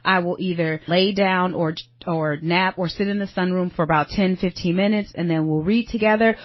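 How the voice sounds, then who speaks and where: A woman's voice: mid-range voice, no room sound, dull audio. A woman, hosting a podcast and telling a personal story in an earnest, confiding way, calling her listeners "y'all". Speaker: podcast host.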